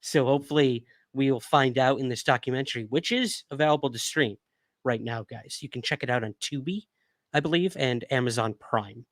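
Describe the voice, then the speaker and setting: A man's voice: mid-range voice, normal speed, dry recording. A young adult man hosting a livestream, chatting casually with viewers and reading news articles aloud, hiccuping a little from whiskey. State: hiccuping after drinking whiskey. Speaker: livestream host.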